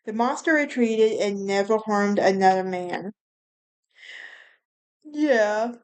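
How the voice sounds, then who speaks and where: A woman's voice: medium pitch, takes it slowly, clear, resonant tone. A woman hosting a casual solo podcast, telling a story in a rambling way, often correcting herself and laughing at her own telling. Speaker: podcast host.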